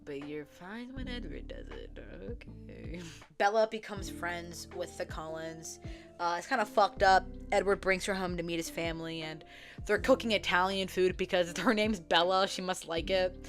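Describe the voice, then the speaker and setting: Chatty, profane young woman retelling a story. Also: on the low side. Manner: chatty and profane, many "like" fillers; acts out characters' lines in quick quotes. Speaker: book vlogger. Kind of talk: casual retelling to camera. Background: faint background music.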